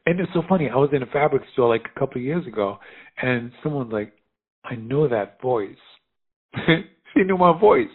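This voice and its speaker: Middle-aged American man, husky voice, spirited storyteller who laughs easily; narrow phone-like audio. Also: mid-range voice, fairly quick. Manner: animated, laughs often, lively retelling with quoted voices. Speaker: fashion designer guest. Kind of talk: casual storytelling conversation.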